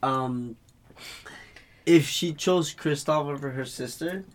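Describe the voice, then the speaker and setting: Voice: medium pitch, takes it slowly. A podcast co-host arguing a point earnestly in casual chat, with frequent restarts.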